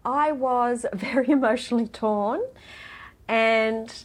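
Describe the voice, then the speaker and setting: Heartfelt woman, middle-aged. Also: on the high side. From Australia. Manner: heartfelt, halting, many restarts. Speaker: guest. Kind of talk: emotional personal interview.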